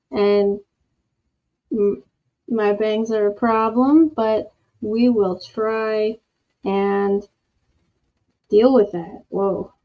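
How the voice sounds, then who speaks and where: A woman hosting a casual livestream from her home, rambling in a self-deprecating way and laughing at herself. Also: mid-range voice. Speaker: livestream host. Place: home room with candles. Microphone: old desk microphone. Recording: dull lo-fi audio from an old microphone.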